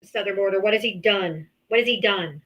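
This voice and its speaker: Female livestream host, blunt and profane, bright voice; interrupts callers. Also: medium pitch, fairly quick, rough recording. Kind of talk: heated political call-in debate.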